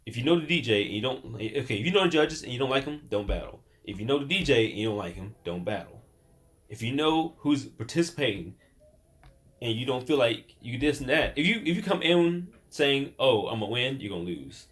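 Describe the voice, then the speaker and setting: A man's voice: mid-range voice, very animated, brisk. A man hosting a podcast in casual chat, rambling and acting out quoted voices. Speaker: podcast host.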